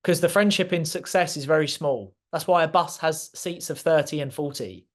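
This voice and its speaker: A man gives a motivational masterclass, pressing each point hard and repeating lines for effect. His voice sits a little high for a man. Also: normal speed. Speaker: speaker.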